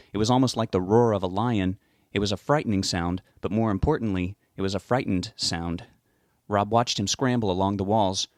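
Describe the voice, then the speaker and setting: A man narrating an audiobook in a measured, steady reading voice. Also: on the low side, dry recording, clean studio sound.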